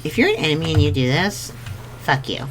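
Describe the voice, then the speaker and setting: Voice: mid-range voice, big pitch swings, brisk, background noise. A streamer playing an online role-playing game, talking to themself in casual commentary, swearing freely and reading game text aloud. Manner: talks to self, mutters, swears freely. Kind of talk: casual let's-play commentary.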